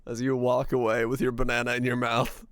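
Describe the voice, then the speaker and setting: A man's voice: mid-range voice, a bit bright, clear, resonant tone, no echo. A young man streaming a game, rambling and joking to himself and humming nonsense tunes in casual chatter. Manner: hums and sings nonsense tunes.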